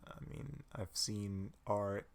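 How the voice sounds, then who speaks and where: A young man hosting his channel, chatting casually and quietly with a dry sense of humor while he draws. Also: fairly low pitch, takes it slowly, vocal fry. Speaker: channel host. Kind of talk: casual chat while drawing.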